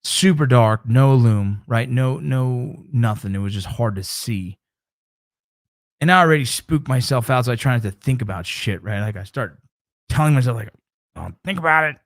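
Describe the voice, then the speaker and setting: A middle-aged man hosting his show, telling a story in a casual, animated way, swearing often and acting out his own reactions. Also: mid-range voice, normal speed, no room sound, studio quality. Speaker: show host.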